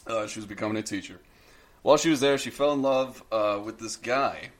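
A man's voice: lowish voice, a little fast. A man casually telling a local ghost story on a podcast, full of fillers and asides. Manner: rambling, frequent fillers and laughs.

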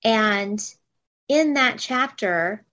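A woman hosting a casual book discussion, talking in an animated way, thinking aloud and laughing easily. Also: fairly high pitch, very slow. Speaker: podcast host.

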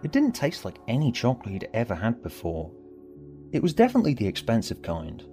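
A man reading his own story aloud, expressive, moving between bright and hushed. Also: medium pitch, a little fast, soft background music. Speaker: author and narrator. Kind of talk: storybook narration.

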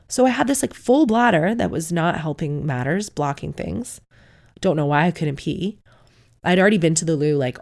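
A woman's voice: on the low side, creaky, darkish tone. A woman telling her birth story to camera. She talks frankly, swears and laughs often.

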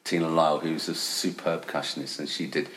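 A man's voice: very deep voice, flat delivery, brisk, fairly bright tone. A middle-aged man, a session percussionist, telling rambling anecdotes with many restarts. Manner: rambling with frequent restarts and laughter. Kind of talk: casual anecdotal storytelling.

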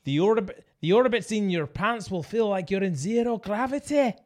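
A man's voice: high voice, expressive, normal speed, voice pushed up. A man putting on a mock Scottish accent to play a hammy ad announcer in a comic sponsor read. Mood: playful.

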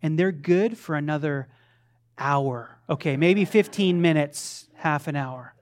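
A man's voice: a little high, unhurried. Fervent male preacher, rising and falling. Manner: swings between loud fervent preaching and soft conversational asides; acts out quoted voices of his children playfully. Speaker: pastor. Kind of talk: sermon.

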